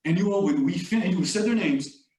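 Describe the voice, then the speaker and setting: A man's voice: high voice, lively intonation, brisk, a little mellow. A man giving a motivational leadership talk, telling a workplace story in a conversational way with many asides to the audience. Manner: storytelling, conversational with filler "like" and "you all". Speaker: leadership speaker. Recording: echoey room, distant mic.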